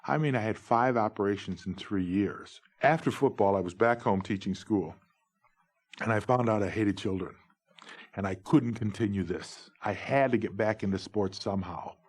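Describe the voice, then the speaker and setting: Husky middle-aged man spinning anecdotes. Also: moderate pace. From New York State, USA. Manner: animated, acts out dialogue with big pitch jumps. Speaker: former umpire telling his stories. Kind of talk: anecdotal storytelling.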